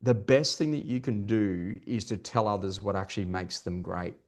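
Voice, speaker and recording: A middle-aged man, a performance coach, talking as a guest in a podcast interview, telling stories quickly with lots of restarts. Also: fairly low pitch. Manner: fast, animated storytelling with many restarts.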